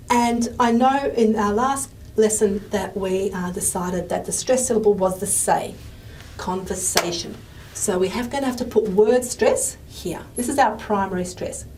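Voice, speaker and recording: A woman's voice: mid-range voice, a little mellow, a little hiss or hum. A woman giving a pre-recorded linguistics lecture, thinking aloud and dropping to a murmur as she writes on the board. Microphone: microphone she wears.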